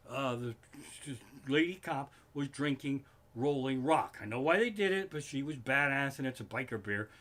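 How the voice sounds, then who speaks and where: Hosting a comedy livestream from his living room, a man of medium pitch tells a profane story. It keeps flaring into loud outbursts full of swearing.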